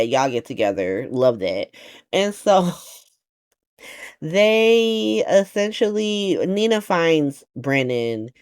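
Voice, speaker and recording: A woman's voice: rumbling low, darkish tone. A woman recapping a soap opera week in casual, slangy, joking chat.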